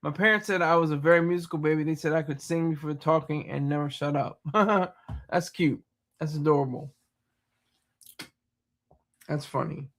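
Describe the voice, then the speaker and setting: A man's voice: on the high side, steady tone, normal speed, pauses often, a bit bright. A man hosting a casual live chat, reading viewer comments aloud and replying, laughing often and stumbling over words.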